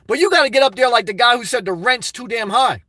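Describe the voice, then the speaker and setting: A man hosting a livestream, reading chat and rambling in a crude, excitable, off-the-cuff way from inside his car. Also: extremely high pitch, quick pace, no room sound.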